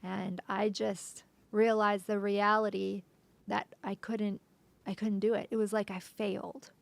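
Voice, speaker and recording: Interviewed for a podcast, a woman with a medium-pitched voice recounts a painful experience in fits and starts, often falling to a soft whisper. She speaks flatly with vocal fry, and there's no room sound.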